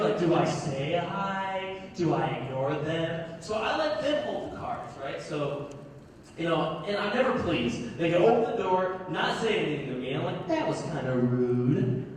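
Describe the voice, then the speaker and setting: A young man performs stand-up in a large hall, captured from a distance with echo and faint noise. His high voice swings hugely in pitch as he unhurriedly tells stories, voices the characters, and laughs at his own jokes.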